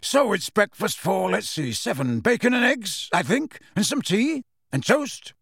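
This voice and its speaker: A man doing a loud, hearty grown man. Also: high-pitched, sing-song, measured pace, gravelly, slightly rough, dry recording, studio quality, voice pushed up, heavily acted. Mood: cheerful.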